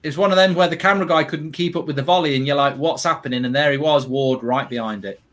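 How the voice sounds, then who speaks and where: A man's voice: fairly high pitch, fast, a bit bright. A man hosting a casual football watchalong, talking in a rambling, chatty way and reading out viewer comments. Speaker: watchalong host.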